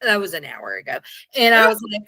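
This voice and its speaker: A woman's voice: medium pitch, fairly quick, vocal fry, dry recording. Congested, chatty woman in her forties. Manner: animated, chatty storyteller. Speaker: podcast guest. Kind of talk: casual conversation.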